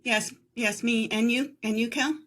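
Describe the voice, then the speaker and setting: A woman's voice: on the high side, fairly even intonation, normal speed, fairly bright tone. A middle-aged woman hosting a casual chat, joking and laughing easily. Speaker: host.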